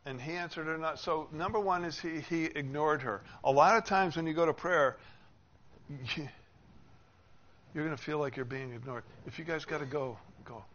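A man preaching a sermon, explaining a passage and acting out the people in it with rising emphasis. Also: fairly high pitch. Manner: expressive, acts out quoted speakers with rising emphasis. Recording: slightly dull with faint noise.

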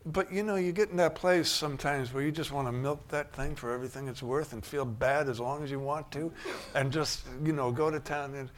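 A man preaching a sermon, shifting from quiet musing to loud, emphatic bursts. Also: fairly high pitch, steady tone, a little fast, few pauses, a little hiss or hum.

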